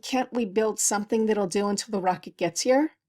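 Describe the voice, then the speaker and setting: An earnest, dutiful chief nurse, read by a woman narrator. She speaks respectfully at a mid-range pitch. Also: moderate pace, dark tone, natural voice.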